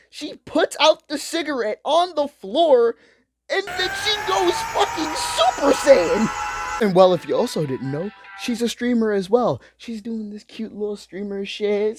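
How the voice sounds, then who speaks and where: A man's voice: very high-pitched, lively intonation, a little slow, soft background music. A young man giving a comedic, profane, slangy recap of an anime. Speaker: commentary host.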